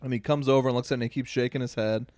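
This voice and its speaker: A man's voice: medium pitch, fairly even intonation, rapid-fire, darkish tone, no room sound. Man telling rambling comic stories, dry sound. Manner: rambling anecdotal storyteller, dry jokey delivery. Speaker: podcast co-host. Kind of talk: comedy podcast banter.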